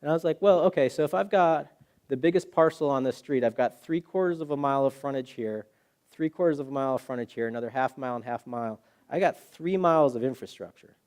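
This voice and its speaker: Speaking to a live audience in a hall, a male guest presenter tells stories in a quick, clean, medium-pitched voice. He's an animated storyteller who poses rhetorical questions and acts out quotes during this public talk.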